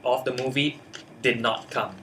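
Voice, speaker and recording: Bright-voiced young man chiming in. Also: mid-range voice, steady tone, moderate pace, a little hiss or hum. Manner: short chiming-in remarks. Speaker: co-host. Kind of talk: casual movie chat. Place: bedroom. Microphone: webcam.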